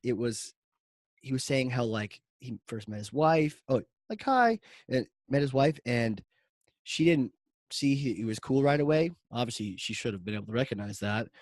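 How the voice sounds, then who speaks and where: A man's voice: medium pitch, normal speed, dry recording. A man hosting a marketing podcast, telling a story in a casual, rambling way full of "like" fillers. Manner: rambling, animated, many "like" fillers.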